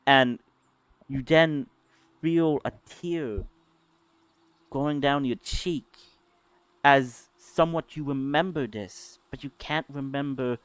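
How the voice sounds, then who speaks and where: A man's voice: medium pitch, slow, long pauses, fairly bright tone, smooth, dry recording. A man narrating as game master, describing scenes while searching for words.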